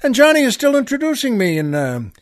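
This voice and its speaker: A man with a fairly high voice spins a backstage story in lively comic fashion. He drops quiet and then swells for punchlines, and the sound is close and dry with no room around it. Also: fairly quick, no room sound. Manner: animated, acts out quoted voices, shifts between hushed and loud. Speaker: comedian telling a backstage story. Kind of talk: storytelling anecdote.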